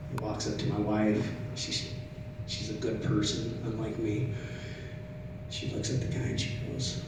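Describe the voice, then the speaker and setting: Middle-aged comedian, echoey room. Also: male voice, fairly low pitch, monotone, moderate pace. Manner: conversational storytelling, swings from loud punchlines to quiet asides. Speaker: stand-up comedian. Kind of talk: stand-up comedy set. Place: comedy club stage. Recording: echoey room, distant mic, audible noise.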